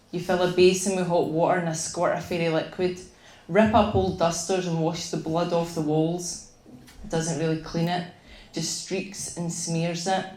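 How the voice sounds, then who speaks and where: A woman's voice: lowish voice, a little mellow. Glaswegian woman reading a story aloud. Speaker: writer reading her story. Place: bar venue, live event. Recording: echoey bar room.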